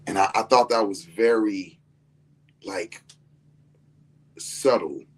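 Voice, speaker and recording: Husky guy just talking to the crowd, keeps checking y'all following him, repeats himself a lot. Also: on the low side, takes it slowly. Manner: conversational, repeats himself, addresses listeners directly. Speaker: speaker sharing a personal story. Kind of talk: casual storytelling to an audience.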